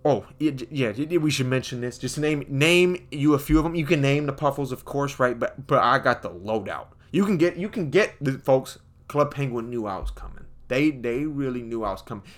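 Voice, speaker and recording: A young man riffing through a loose comedic monologue in heavy slang, talking straight to his listeners as folks. His voice sits at an ordinary middle pitch for a man, and he keeps the mood loose and joking. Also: animated, normal speed, hardly any pauses.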